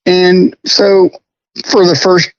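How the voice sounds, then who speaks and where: Casting: middle-aged man, folksy storyteller, slightly raised pitch, dull recording. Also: little pitch movement, slow pace, dry recording. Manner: chatty, folksy, laughs often. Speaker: guest prop restorer. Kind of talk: casual storytelling interview.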